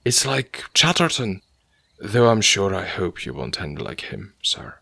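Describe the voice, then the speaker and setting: A man voicing a soft, deferential middle-aged landlord who talks in a timid, apologetic way. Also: on the low side, sing-song, a little slow, gravelly, breathy edge, dry recording, clean studio sound, heavily acted. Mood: awed. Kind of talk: audiobook character voice.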